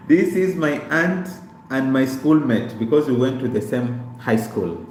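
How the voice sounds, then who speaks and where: A man's voice: mid-range voice, lively intonation, unhurried, darkish tone. A young man chatting casually on a live stream, greeting viewers by name and repeating himself as he talks through his life story. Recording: echoey room with faint background noise.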